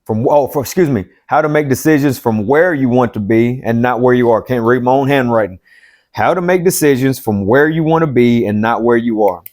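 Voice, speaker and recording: A plain-spoken man at a middle pitch talks like a life coach, swearing freely and pressing the same points again and again. His delivery is blunt and emphatic, the rhythm of a motivational pep talk. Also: fairly quick, a little mellow. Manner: blunt and profane, hammering points by repetition. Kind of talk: motivational self-help talk.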